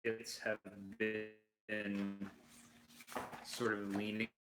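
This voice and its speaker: A man's voice: on the low side, monotone, drawn-out words, music in the background, low-quality recording. A man hosting a casual chat while building a toy kit, rambling with lots of fillers and restarts. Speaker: host.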